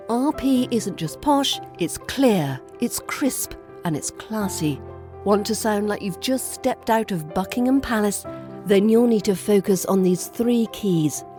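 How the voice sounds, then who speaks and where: A woman with a polished British RP accent coaches listeners through pronunciation, her voice mellow and her diction crisp. She stresses example words in a playful, demonstrative way. Soft music plays faintly beneath her. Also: mid-range voice. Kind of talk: podcast accent lesson.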